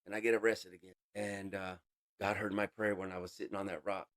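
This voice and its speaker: A man giving an emotional personal testimony as an interview guest, halting and casual, with street slang. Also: low-pitched, flat delivery, a bit bright. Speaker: interview guest sharing a recovery story.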